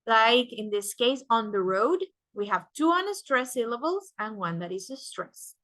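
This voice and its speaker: Bright-voiced woman teaching slowly. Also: a little high, expressive. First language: Spanish. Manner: explains step by step, adds "right?" to check understanding. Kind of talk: classroom lecture.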